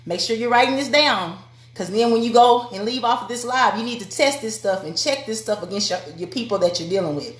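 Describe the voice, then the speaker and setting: A woman's voice: a little high, expressive, a little fast. A woman giving a motivational live-stream talk to women, speaking directly and preacherly and calling out to her viewers. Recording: echoey room.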